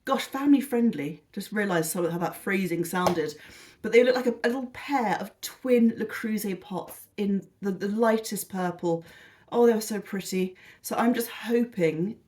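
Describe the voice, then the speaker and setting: A British woman chatting through a shopping haul at a mid-range pitch. She rambles, gushes over her finds and pokes fun at herself, sounding a touch tired. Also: moderate pace, darkish tone. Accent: British English. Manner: rambling, self-deprecating and gushing. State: tired and lethargic. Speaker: vlogger. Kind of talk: casual chatty haul video.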